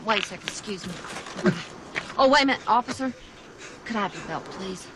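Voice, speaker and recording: A woman's voice: medium pitch, animated, fairly quick, background noise, natural voice. An actress playing a bold, cheeky woman who politely bargains with an officer, heard in a film clip.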